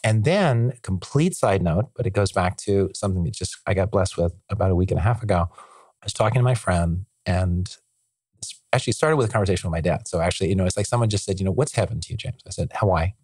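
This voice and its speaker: A man chatting as a podcast guest, excited and rambling, with lots of filler words and restarts. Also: sits low, fast talker, slightly rough, no room sound. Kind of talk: casual conversational interview.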